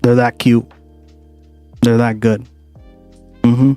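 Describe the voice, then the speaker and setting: A man's voice: medium pitch, slow, no room sound. Man from Boston, streamer, casual chat, swears a lot, dry close sound, faint music behind. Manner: profane, animated, laughs a lot.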